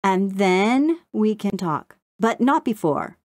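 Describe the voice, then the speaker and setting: Lady reading as a bossy storybook crow, sing-song news voice, higher and slow, dry sound. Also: expressive, a little mellow, no room sound. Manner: sing-song, clipped news-report delivery. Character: fussy male crow playing newspaper. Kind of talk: audiobook character voice.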